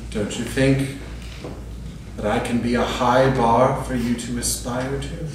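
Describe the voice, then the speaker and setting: A man's voice: mid-range voice, flat delivery, a little slow, natural voice. A man in a live improv scene playing a grandiose, self-adoring muse with a theatrical manner. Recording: echoey room from far off, noisy.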